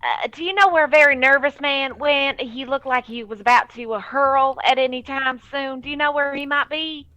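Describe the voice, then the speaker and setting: A woman playing a tabletop game, animated and exclamatory, often slipping into her character. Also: high voice, normal speed, hardly any pauses, no room sound, dull audio. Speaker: player.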